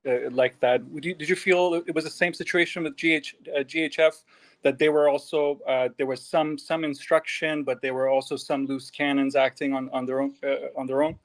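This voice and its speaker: A man's voice: medium pitch, steady tone, fairly quick, poor audio. A man hosting an interview, asking long questions hesitantly while he searches for words. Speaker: interview host.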